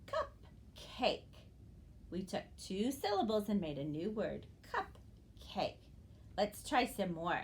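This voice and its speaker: A woman's voice: medium pitch, big pitch swings, darkish tone, slight background noise. A woman teacher leading an early-grade phonics lesson, speaking to young students in an encouraging way and drawing out the words she models. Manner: slow, drawn-out modeling of words.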